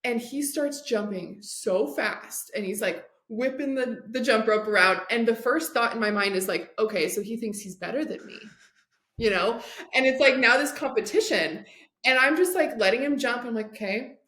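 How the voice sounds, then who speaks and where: A woman's voice: on the high side, normal speed, fairly bright tone, echoey room. A woman guest on a podcast, an addiction and recovery coach, telling a story in casual chat and acting out the dialogue, with lots of "like" fillers.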